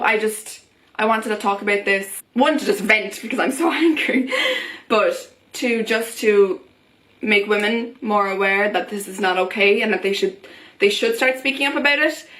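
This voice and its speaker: Her mid-range, somewhat bright voice carries a heated, passionate rant. The young woman vlogs to camera about personal matters, restarting her sentences again and again.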